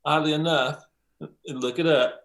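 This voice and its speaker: An older man, a mix engineer as interview guest, telling stories in a lively way, acting out quotes, with many ums and some swearing. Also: a little high, a little slow, vocal fry, a little hiss or hum. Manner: animated storyteller, acts out quotes, frequent ums and profanity. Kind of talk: casual interview storytelling.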